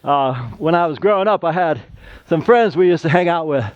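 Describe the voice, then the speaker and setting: A middle-aged man with a slightly high voice talks through a plastering demo in a loose, chatty way and drifts into side stories. The sound is dry and a little dull, with no room echo. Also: brisk, clean tone. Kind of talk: casual how-to demonstration.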